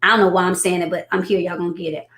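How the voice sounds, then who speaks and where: A middle-aged woman chatting as a guest business coach, telling animated stories and acting out quotes. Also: very fast. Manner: animated storyteller, acts out quotes in high voices. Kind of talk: casual chat. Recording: echoey room.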